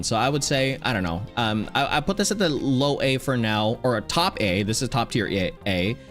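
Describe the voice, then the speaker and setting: A man streamer chatting casually and rambling, often restarting his sentences. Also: mid-range voice. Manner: rambling, with many restarts and fillers. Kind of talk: casual chat.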